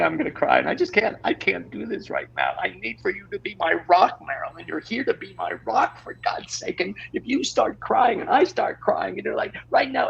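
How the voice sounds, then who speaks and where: A man's voice: high voice, vocal fry, lo-fi sound, a little hiss or hum, full character voice. Man playing a frantic, stammering married dad. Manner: stammering, urgent, repeats himself. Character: flustered married man, father of many, pleading. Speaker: improv performer. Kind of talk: improv scene acting. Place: theater stage.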